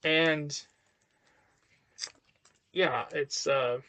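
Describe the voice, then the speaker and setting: A man's voice: on the high side, fairly even intonation, very slow, bright, forceful tone. A man giving a casual book review to camera, hesitant and full of fillers and restarts.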